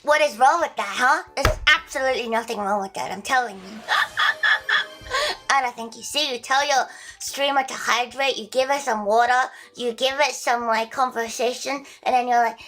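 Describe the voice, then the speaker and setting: A woman's voice: fairly high pitch, moderate pace, fairly bright tone, soft background music. A young woman livestreaming, chatting casually with viewers in a playful, giggly, chaotic way with crude jokes.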